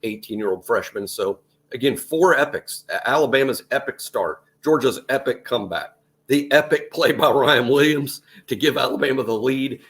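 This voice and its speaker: Man recapping a football game on a podcast. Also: mid-range voice. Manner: steady, recapping plays. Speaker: podcast co-host. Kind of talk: casual sports podcast analysis.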